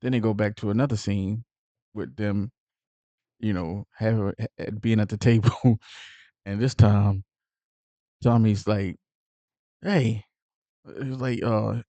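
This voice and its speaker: A man casually recapping a mob movie, rambling with fillers and acting out the characters' lines in a lively way. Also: on the low side, a little slow, pauses often, dry recording, muffled recording. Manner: animated retelling with acted-out quotes. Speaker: movie reviewer.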